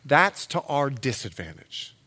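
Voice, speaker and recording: Animated, bright-voiced male pastor preaching. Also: medium pitch, a little slow. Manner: animated storytelling with acted-out quotes; emphatic, building to loud peaks. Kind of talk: sermon.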